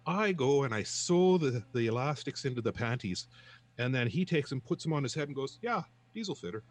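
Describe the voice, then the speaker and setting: A man voicing an outraged, unemployed male factory worker who shouts indignantly in a joke. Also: medium pitch, big pitch swings, fairly quick, pitched above the performer's own voice.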